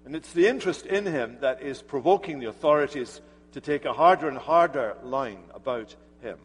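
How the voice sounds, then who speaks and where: A man's voice: medium pitch, animated, normal speed, slightly rough. A man preaching an earnest, emphatic sermon as pastor in a church sanctuary. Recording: church hall reverb.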